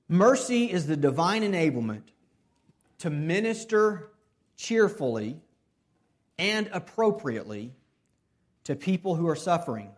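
A man preaching a sermon earnestly, with restarts and repeated phrases, swinging between loud emphasis and soft, hushed stretches. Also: fairly high pitch, sing-song, measured pace, long pauses. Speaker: pastor.

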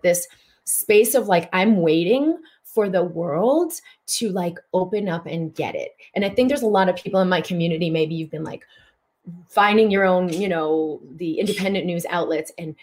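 Middle-aged woman doing a spiritual livestream talk, slightly low voice, animated, little breathy gasps. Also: normal speed. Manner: animated, breathy exclamations, greets viewers. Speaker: host of a live broadcast.

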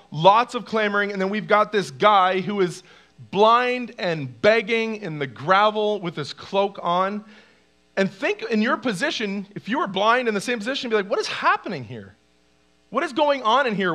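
A male pastor preaching a sermon, animated, acting out cries and shouts from the story. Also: sits high. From Canada.

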